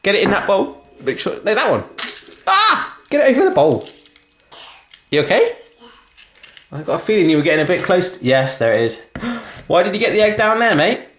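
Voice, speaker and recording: A man's voice: sits high, very animated, a little fast, fairly bright tone, reverberant, a little hiss or hum. A man hosting a casual cooking demonstration in his home kitchen, chatty and teasing as he cooks alongside a child. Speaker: cooking show host.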